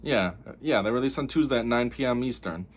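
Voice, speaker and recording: A man's voice: mid-range voice, a little fast. Rambling, exasperated male reviewer. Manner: rambling, exasperated, full of fillers. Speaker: TV episode reviewer. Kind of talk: casual spoken review.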